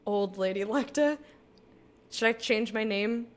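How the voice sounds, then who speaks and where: Chatty gamer lady, 30s, slightly high voice, giggles a lot as she plays. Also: measured pace. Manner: chatty, giggly, reads game text aloud. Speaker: gaming streamer. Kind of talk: casual let's play commentary.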